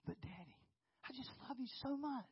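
Dad quoting his sweet gushy daughter, husky and kinda muffled. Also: very high-pitched, lively intonation, moderate pace, no echo, exaggerated voice. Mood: gushing. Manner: sweet, gushing. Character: adoring young daughter dodging chores.

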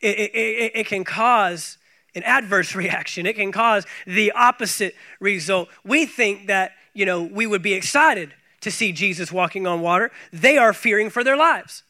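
A man with a very high, bright voice preaches a sermon. He leans hard on repeated phrases and swings between hushed asides and loud, driving lines. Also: normal speed. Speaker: pastor.

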